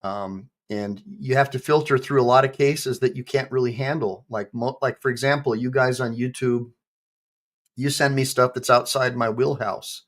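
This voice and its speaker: An attorney speaks directly to his audience in a relaxed, conversational way. He talks at a moderate pitch, with frequent ums and you-knows. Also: moderate pace. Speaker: attorney, channel host. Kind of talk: reaction video commentary.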